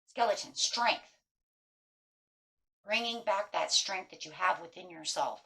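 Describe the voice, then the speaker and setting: A woman's voice: mid-range voice, animated, measured pace, a bit bright. A middle-aged woman giving a chatty, casual tarot reading, breaking into anxious inner voices. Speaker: tarot reader.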